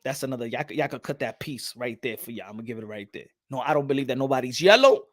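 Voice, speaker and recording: A man's voice: medium pitch, lively intonation, quick pace. A man hosting a casual podcast, talking animatedly with many repeated words and switching into Spanish phrases while acting out exchanges. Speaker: podcast host. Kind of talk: casual talk.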